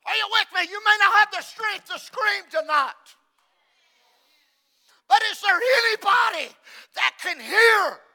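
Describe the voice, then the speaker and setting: A man preaching a sermon with passion, swinging between hushed, quiet stretches and loud shouting. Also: extremely high pitch, animated, measured pace, long pauses.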